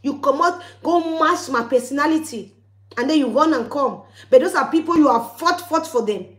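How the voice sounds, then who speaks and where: Scolding high-voiced woman, pidgin accent. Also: normal speed, fairly bright tone, roomy sound. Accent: West African Pidgin English. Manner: scolding, heated, with repeated warnings. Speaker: vlogger. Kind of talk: angry ranting monologue to viewers.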